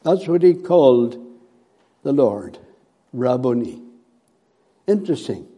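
Male preacher, unhurried sermon delivery, deep warm tone, hesitant fillers. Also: lively intonation, breathy edge, highs cut off. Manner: slow and deliberate, with hesitant fillers.

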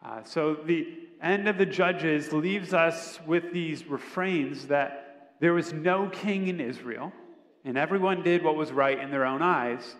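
A man's voice: on the high side, measured pace, a bit bright, reverberant, long reverb tail. A man preaching a sermon, retelling a scripture story earnestly and then reading the passage aloud. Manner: earnest storytelling, occasional restarts. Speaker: guest preacher.

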